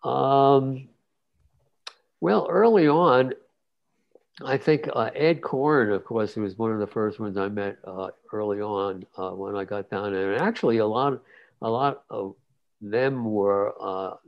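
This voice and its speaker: A man in his nineties, a guest cartoonist, telling stories in a relaxed interview, rambling with many fillers and restarts. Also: fairly low pitch, measured pace, creaky. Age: 90s. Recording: dull lo-fi sound.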